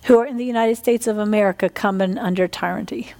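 A woman's voice: mid-range voice, quick pace, gravelly. A middle-aged woman preaching a fervent sermon, often asking her listeners for an "Amen". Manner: fervent, animated, asks the congregation "Amen?".

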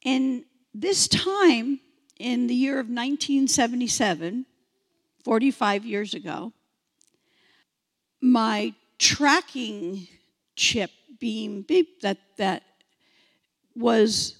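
A woman in her sixties delivering a sermon with a gravelly, creaky edge to her voice. She speaks slowly and sits a little high in pitch, and she is animated, repeating key phrases and mimicking beeps to make her point. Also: big-room sound. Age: 60s. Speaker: preacher.

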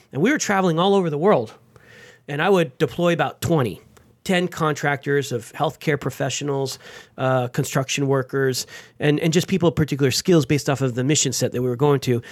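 A man, a veteran guest on an interview show, telling his story with energy and sudden jumps in pitch. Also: no echo. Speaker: guest, veteran and nonprofit founder.

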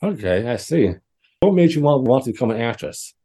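Husky, quick host asking questions. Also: male voice, medium pitch, very animated, warm tone. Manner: brief questions and short backchannels. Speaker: show host. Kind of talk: interview questions.

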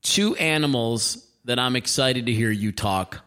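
A man co-hosting a podcast, excitable and jokey, laughing often in casual chat. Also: medium pitch, unhurried. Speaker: podcast co-host.

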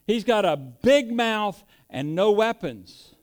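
A man's voice: sits high, lively intonation, slow pace. A middle-aged man preaching a sermon, mixing folksy storytelling with emphatic declarations. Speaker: pastor.

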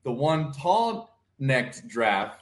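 A man's voice: mid-range voice, big pitch swings, slow. Guy on a morning show rambling through a silly story, chuckling as he goes. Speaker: radio show co-host. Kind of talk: casual morning show banter.

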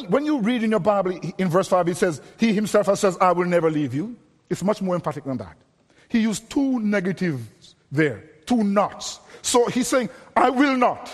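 High-voiced emphatic male preacher in a hall. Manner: emphatic, repeats words when stressing a point. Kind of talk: sermon.

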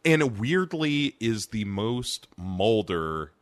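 A man's voice: fairly low pitch, extremely slow, no echo, clean studio sound. A man co-hosting a casual podcast chat, recapping an episode and acting out scenes in little voices. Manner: animated, acts out scenes in voices. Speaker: podcast co-host.

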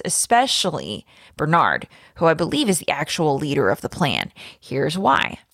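A woman podcast host reading a fan theory aloud, with lively storytelling emphasis. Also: lowish voice, no echo, studio quality.

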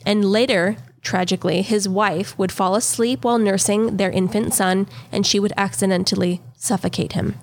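A woman co-hosting a podcast, telling a true-crime story in a casual, steady way and laughing off interruptions. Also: mid-range voice, normal speed, few pauses.

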